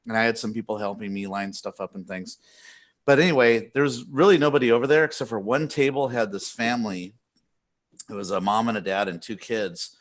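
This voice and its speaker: A man co-hosting a casual podcast, retelling a story in a rambling, animated way with many restarts. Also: lowish voice, a little fast. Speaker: podcast co-host.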